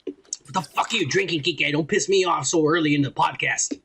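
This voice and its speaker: A man from Texas co-hosting a casual podcast, reading comments aloud with loud, crude, profane banter and frequent laughter. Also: on the high side, fairly quick, vocal fry, husky. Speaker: podcast co-host.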